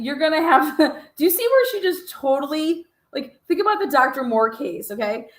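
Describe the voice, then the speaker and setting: A woman's voice: sits high, a bit bright, roomy sound. A woman host giving mocking, profane reaction commentary, swearing and laughing in disbelief. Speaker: podcast host reacting to a clip.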